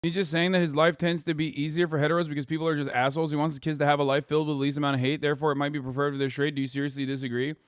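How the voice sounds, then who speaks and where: A man's voice: fairly high pitch, little pitch movement, rapid-fire, hardly any pauses, smooth, dry recording, clean studio sound. A man streaming, reacting to a clip with blunt, profane, combative commentary. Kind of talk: casual heated commentary.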